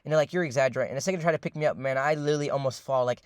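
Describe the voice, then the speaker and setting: A young man telling a long, rambling story in a casual, profane way, full of fillers and repeats, often addressing his listeners as ladies and gentlemen. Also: a little high, steady tone, rapid-fire, smooth, no echo, clean studio sound.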